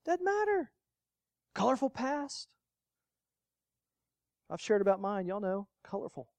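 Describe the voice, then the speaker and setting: Pastor, emphatic sermon delivery, repetitive and rhetorical, mid pitch, dry close sound. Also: a little slow, creaky, dry recording. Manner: swings between loud emphatic lines and quiet, low asides; rhetorical, repeats key phrases for emphasis.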